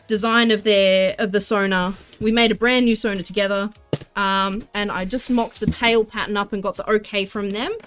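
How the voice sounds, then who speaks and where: A woman livestreaming as she crafts, chatting casually and greeting viewers with excitement. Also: a little high. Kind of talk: casual live-stream chat while crafting.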